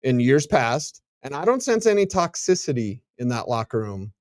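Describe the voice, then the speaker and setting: A man's voice: medium pitch, big pitch swings, normal speed, a little mellow, no echo, clean studio sound. A man hosting a sports radio show, chatty and self-deprecating. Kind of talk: casual sports talk.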